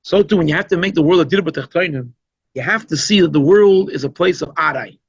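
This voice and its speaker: A man's voice: fairly high pitch, fast talker, gravelly, husky, no echo. A man, a rabbi, giving an informal, conversational Chassidic talk at a holiday gathering, emphatic and given to asides. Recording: dull, lo-fi recording.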